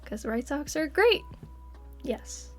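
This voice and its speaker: A woman's voice: high voice, big pitch swings, takes it slowly, soft background music. A young woman from Texas chatting casually with viewers on a live stream, giggling and laughing often.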